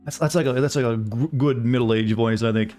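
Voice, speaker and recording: Talking fairly quickly with fairly even intonation, this average-pitched game streamer rambles casually to his live audience and calls out viewers by name. Faint, soft music sits in the background.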